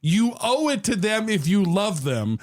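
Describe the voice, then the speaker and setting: A man's voice: sits high, sing-song, measured pace. A man co-hosting a morning radio show, joking around and laughing often in casual banter.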